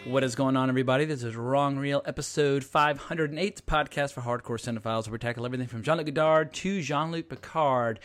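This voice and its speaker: A man's voice: mid-range voice, fast talker, few pauses, fairly bright tone, faint music behind. An American man hosting a casual podcast chat, enthusiastic, swearing casually and laughing often. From United States. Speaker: podcast host.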